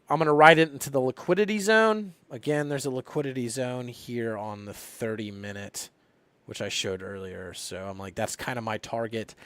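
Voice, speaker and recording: A man's voice: medium pitch, fairly bright tone, clean tone, no echo. A young man live streaming about trading, talking casually and rambling with lots of swearing and fillers. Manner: profane, rambling, frequent fillers.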